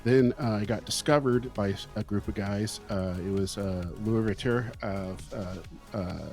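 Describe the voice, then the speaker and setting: Laid-back, low-voiced man telling stories. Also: unhurried, a little mellow, soft background music. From California, US. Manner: laid-back storyteller, swears freely, acts out his own past thoughts. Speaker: guest musician. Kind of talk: casual podcast interview.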